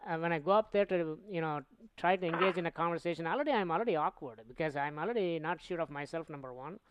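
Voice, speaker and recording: A middle-aged man with an Indian accent, hosting a radio interview and talking in a halting, rambling way with lots of fillers. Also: a little high, noisy background. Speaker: radio host.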